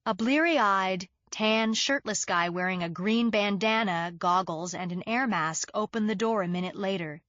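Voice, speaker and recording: A woman narrates a mystery in the first person, with a wry, sardonic edge. Her voice sits at a middle pitch, recorded close and dry with a slightly muffled, lo-fi tone. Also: normal speed, few pauses, fairly bright tone, no echo. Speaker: audiobook narrator.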